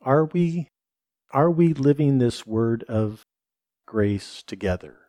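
Male pastor, mellow dark tone, unhurried sermon delivery with repeated refrains. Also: mid-range voice, lively intonation, dry recording, studio quality. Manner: reflective, repeats phrases for emphasis, reads scripture aloud.

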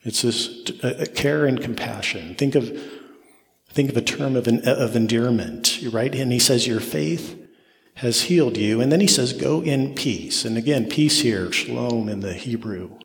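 A pastor delivers an expository sermon, repeating phrases for emphasis as his intensity swells and subsides. His medium-pitched voice is creaky and measured, ringing with the long reverb of a large hall.

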